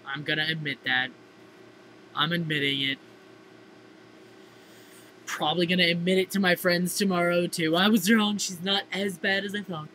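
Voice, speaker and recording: A woman's voice: fairly low pitch, fairly even intonation, normal speed, long pauses, pushed and bright, a little hiss or hum, rough recording. A teenage girl chatting casually in a diary-style vlog, gushing and theatrical, filling her talk with "like". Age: teens. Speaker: vlogger.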